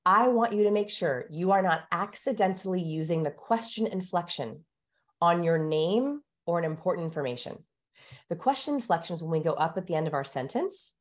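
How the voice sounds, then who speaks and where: Woman guest with a fairly low voice, explains things energetically like a teacher. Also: lively intonation, brisk. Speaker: guest communication researcher. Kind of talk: explanatory interview talk.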